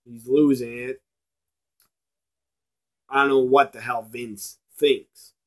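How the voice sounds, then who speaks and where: A man ranting in a blunt, profane video review, slowing down to stress his points. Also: medium pitch, level tone, a bit bright. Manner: emphatic, slows down to stress points.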